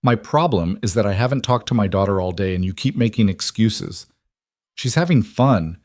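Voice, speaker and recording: A man's voice: fairly low pitch, lively intonation, moderate pace, a little mellow, dry recording, studio quality, natural voice. A man voicing a bitter, dismissive divorced mother who snaps her lines curtly. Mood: sharp dismissive. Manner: snappish, curt.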